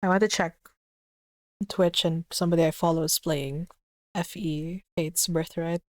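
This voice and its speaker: A woman's voice: fairly low pitch, steady tone, unhurried, no echo. A woman streaming from her room, chatting casually with her chat, giggly and gushing, swearing lightly. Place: her own room at home.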